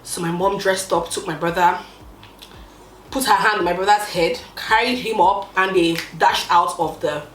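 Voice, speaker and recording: A young woman telling a storytime with expressive, dramatic emphasis, drawing out key words. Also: on the low side, moderate pace, roomy sound, slight background noise, poor audio. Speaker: vlogger. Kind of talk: casual storytime.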